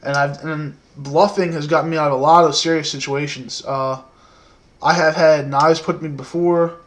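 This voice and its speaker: A man in his twenties telling a story casually to the camera, soft-spoken and rambling, with many fillers. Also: on the high side, steady tone, normal speed.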